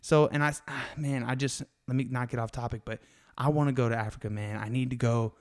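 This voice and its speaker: A man's voice: medium pitch, fairly even intonation, brisk, smooth. A man hosting a casual faith podcast, talking in an earnest, confessional way, full of slang and emphatic asides. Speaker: podcast host.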